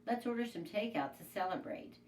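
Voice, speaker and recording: A woman's voice: on the low side, animated, brisk, a little mellow, far from the mic, voice pushed up, close to an everyday voice. A woman reading as a lecturing drama-teacher mom. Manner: lecturing, exasperated. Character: enthusiastic drama-teacher mother. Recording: echoey room, away from mic, faint noise.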